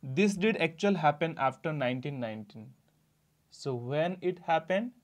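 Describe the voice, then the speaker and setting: A man's voice: a little high, animated, moderate pace. A male teacher gives a classroom lecture, explaining a textbook sentence by sentence. He repeats each point and asks rhetorical questions to check understanding.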